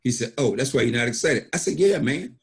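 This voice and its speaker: Fast, husky-voiced motivational man. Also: mid-range voice, lively intonation. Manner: emphatic, repeats phrases, acts out quotes. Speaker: network marketing leader. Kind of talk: motivational storytelling.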